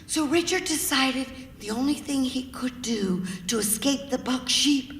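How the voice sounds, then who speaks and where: A woman storyteller performing live, acting out shouts and sound effects and drawing the audience in. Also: high-pitched, measured pace. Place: large theater stage. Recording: echoey theater hall.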